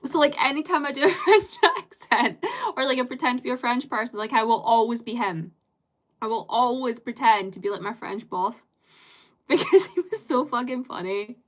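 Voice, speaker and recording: A woman's voice: fairly high pitch, moderate pace. A woman live streamer chatting with her viewers in a loose, rambling way. She strings thoughts together with constant fillers and drops casual swear words.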